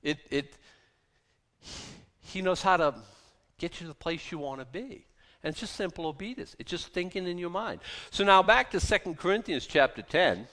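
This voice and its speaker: A man preaching a sermon as pastor, animated and emphatic, repeating key phrases for weight. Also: sits high, normal speed.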